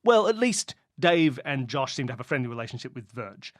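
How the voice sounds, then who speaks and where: Lively, animated male game master. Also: medium pitch, fairly quick, dry recording, studio quality. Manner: lively, descriptive, playful. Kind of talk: narrating a mystery game.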